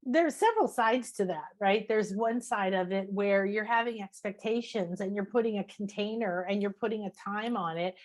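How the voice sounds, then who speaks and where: A woman spiritual teacher and author, a guest talking in a casual interview, animated and emphatic, repeating phrases and acting out people's inner voices. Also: medium pitch, moderate pace, hardly any pauses. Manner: animated, acts out inner voices and self-talk.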